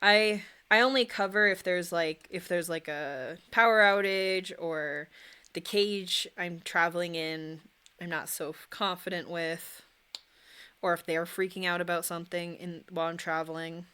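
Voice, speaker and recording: A woman's voice: on the low side, fairly even intonation, measured pace, pushed and bright, clear, resonant tone. Young woman streamer, rambling casual chat, answers viewers as she paints.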